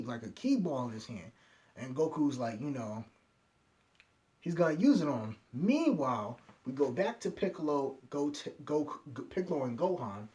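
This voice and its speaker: A young man casually recapping an anime episode scene by scene, acting out each character's lines in quick quoted bits. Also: mid-range voice, a little mellow. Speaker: anime reviewer.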